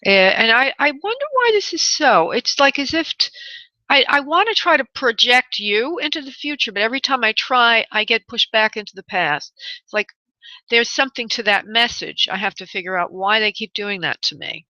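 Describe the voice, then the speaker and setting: A woman hosting psychic call-in radio, her voice bright and forward in a dry, close sound. She soothes callers with honey and love and thinks aloud as she tunes in. The audio is a little dull and lo-fi. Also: fairly high pitch, expressive, no room sound. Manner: thinks aloud, pauses to tune in. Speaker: radio show host and spirit medium.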